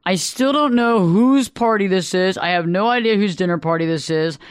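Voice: mid-range voice, moderate pace, clear, resonant tone, no room sound. A radio talk show host speaking earnestly into a studio microphone, telling stories and repeating phrases for emphasis. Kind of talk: solo talk radio monologue.

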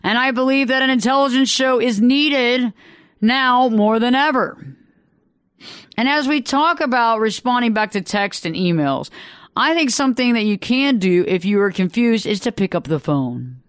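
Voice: medium pitch, moderate pace, a bit bright, smooth, no echo. A radio talk show host speaking earnestly into a studio microphone, telling stories and repeating phrases for emphasis. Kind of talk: solo talk radio monologue.

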